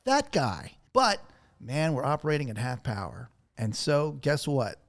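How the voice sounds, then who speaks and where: A man who owns a radio station, telling a story in an interview from a small radio studio with animated energy. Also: medium pitch, unhurried. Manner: lively, acts out other people's voices. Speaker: radio station owner, guest.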